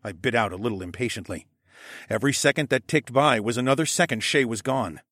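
Husky male audiobook narrator. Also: mid-range voice, fast, no room sound, clean studio sound. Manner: first-person storytelling, lively.

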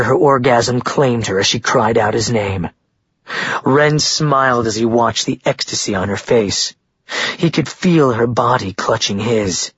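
A man narrating a romance novel in a steady, even storytelling read. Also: medium pitch, breathy edge, no room sound, lo-fi sound. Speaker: audiobook narrator.

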